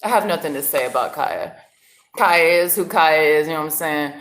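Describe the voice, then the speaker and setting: A woman's voice: deep voice, animated, a little fast, fairly bright tone, reverberant, a little hiss or hum. A woman hosting a livestream, ranting in a mocking, combative, sarcastic way. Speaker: livestream host. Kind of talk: heated livestream rant.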